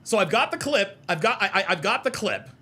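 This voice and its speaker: A man hosting a reaction video, talking in an animated, mocking and profane way and repeating himself for emphasis. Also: high voice, brisk. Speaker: host reacting to clips. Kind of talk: reaction commentary.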